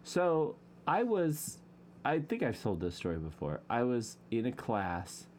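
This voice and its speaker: A man co-hosting a podcast in easygoing chat, his pitch swinging widely as he tells a story. He laughs often between lines. Faint ambient noise sits under the voice. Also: wildly swooping pitch, a little slow, darkish tone. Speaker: podcast co-host. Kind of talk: casual chat.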